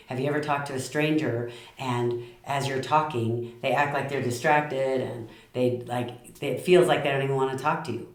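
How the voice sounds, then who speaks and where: A middle-aged woman giving tips on communication, passionate and lively, acting out short quoted lines. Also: very deep voice, roomy sound. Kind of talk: talk to camera.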